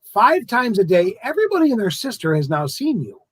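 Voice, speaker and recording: Chatty guy hosting, swoops all over, kinda breathy. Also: sits high, brisk, no echo, poor audio. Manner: animated, chatty, reflective. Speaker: host. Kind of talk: casual chat.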